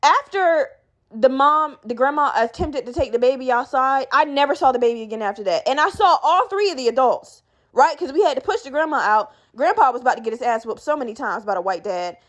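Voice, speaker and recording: A woman hosting her own podcast, telling a story in a profane, animated way and laughing as she talks. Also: sits high, a little fast, lo-fi sound. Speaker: podcast host.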